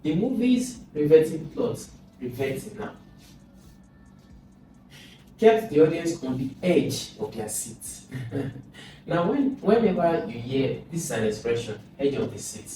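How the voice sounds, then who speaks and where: A man's voice: on the high side, very animated, measured pace, over music. A man, coaching students through exam questions and asking and answering his own questions. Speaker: exam prep tutor. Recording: echoey room, distant mic, noisy.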